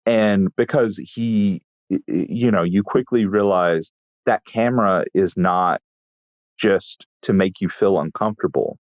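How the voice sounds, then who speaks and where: Casting: low-pitched male chef from Texas, dry deadpan raconteur, muffled close podcast mic. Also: unhurried, dry recording. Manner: wry, deadpan storytelling with frequent restarts. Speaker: chef and guest. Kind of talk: casual interview storytelling.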